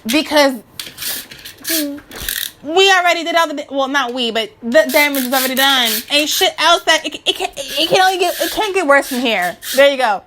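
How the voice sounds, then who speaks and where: A woman in her twenties giving a casual, slangy spiritual rant to her viewers, animated and preachy with many restarts. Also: high-pitched, moderate pace, slight background noise. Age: 20s. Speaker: spiritual vlogger.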